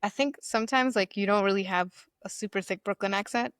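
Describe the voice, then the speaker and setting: A woman's voice: medium pitch, fast talker, a bit bright, no echo, clean studio sound. A woman hosting a casual podcast, chatty and upbeat with lots of fillers. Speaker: podcast host.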